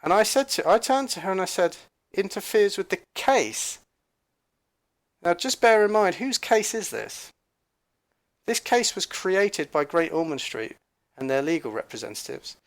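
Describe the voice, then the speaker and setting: A man telling a story to camera in a rambling, halting way, with fillers, restarts and emphatic asides. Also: a little high. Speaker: commentator recounting an encounter.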